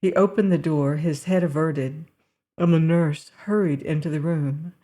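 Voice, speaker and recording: Slow, calm woman narrating a novel. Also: sits low. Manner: calm, measured storytelling. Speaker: audiobook narrator. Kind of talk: scripted narration.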